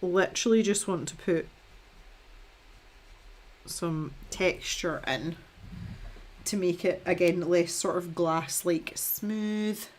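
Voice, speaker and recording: A young woman talks casually on a live stream as she paints. Her voice sits a little low, and she rambles in a self-deprecating way, laughing often. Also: slow, long pauses. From Scotland. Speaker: art streamer.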